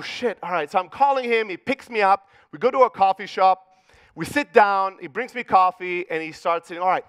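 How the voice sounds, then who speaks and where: Greek-accented male keynote speaker, middle-aged, high voice, dry close sound, profane and punchy. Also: a bit bright, no room sound. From Greece. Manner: profane, punchy storyteller acting out dialogue. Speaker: conference speaker. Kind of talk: motivational keynote storytelling. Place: conference stage.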